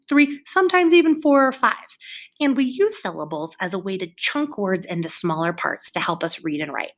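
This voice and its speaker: A woman's voice: mid-range voice, a bit bright. A woman teaching young children in a recorded lesson, with an encouraging, exaggerated teacher voice.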